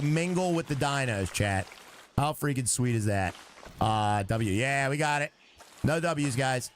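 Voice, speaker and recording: A man doing live gameplay commentary, excitable and chatty, reacting out loud and talking to his chat as he plays. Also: fairly high pitch, slight background noise. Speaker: live streamer.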